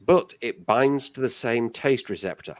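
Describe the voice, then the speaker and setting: Animated man explaining at length. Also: medium pitch, measured pace. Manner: lively, long explanations with frequent restarts. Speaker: guest. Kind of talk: casual explanatory chat.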